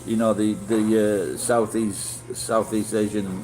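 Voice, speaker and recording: A blunt Yorkshire man from England chats casually with live viewers on his vlog stream, rambling, swearing freely and restarting often. His voice is fairly low and mellow with a flat delivery and slow pace, on a rough recording with faint music behind.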